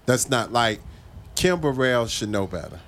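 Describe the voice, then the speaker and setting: A man's voice: mid-range voice, expressive, measured pace, fairly bright tone, a little hiss or hum. A man in a casual podcast chat who hesitates and restarts his sentences when he is pressed.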